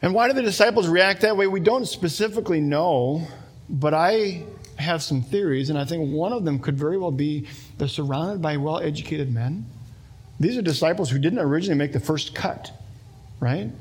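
Male pastor, 30s, breathy and slightly high voice, chatty sermon with everyday examples. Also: normal speed. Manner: conversational, explaining with everyday examples.

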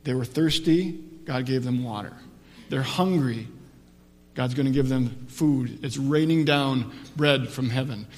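Pastor preaching in an echoing hall. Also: male voice, mid-range voice, a little slow. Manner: animated storytelling, voice swings from soft to emphatic. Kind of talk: sermon.

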